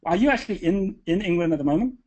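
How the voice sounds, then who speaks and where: A man hosting a live online call, upbeat and chatty, often pausing with fillers and restarting sentences. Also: sits high, lively intonation, lo-fi sound, crowd noise. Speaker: webinar host.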